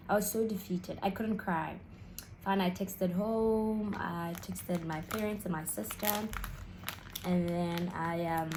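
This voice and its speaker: A young South African woman talks straight to the camera in a relaxed, rambling vlog. She chats on as she snacks, with a mid-pitched voice and a faint hiss behind her. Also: poor audio. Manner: chatty, rambling, eating snacks while talking. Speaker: YouTuber. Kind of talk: casual storytelling vlog.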